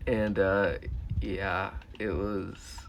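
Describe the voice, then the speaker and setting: A man's voice: low-pitched, little pitch movement, extremely slow, creaky, slight background noise. A teenage boy telling a storytime vlog as a YouTuber, rambling and swearing, with lots of "like" and "uh.". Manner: rambling, profane, full of "like" and "uh".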